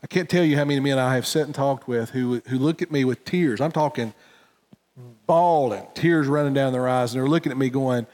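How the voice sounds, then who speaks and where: A pastor giving an earnest sermon, swinging between loud emphatic lines and hushed, low ones. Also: male voice, brisk. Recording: church hall reverb.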